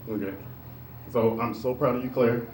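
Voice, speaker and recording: A tearful man speaking as a proud father and coach, halting and heartfelt, at a school ceremony. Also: mid-range voice, fairly even intonation, a little mellow. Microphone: handheld microphone. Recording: echoey noisy room.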